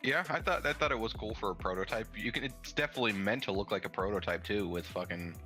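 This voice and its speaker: A man's voice: lowish voice, fast, sharp tone, soft background music. A man co-hosting a casual podcast, chiming in with laid-back, blunt remarks. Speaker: podcast co-host. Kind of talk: casual chat.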